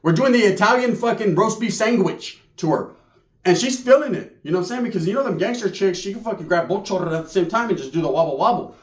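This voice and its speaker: A young man from spins a crude comic story in loose, profane street slang. His voice sits fairly high, and it rings around a roomy space. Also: animated, fast. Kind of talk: comedic storytelling. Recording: roomy echo.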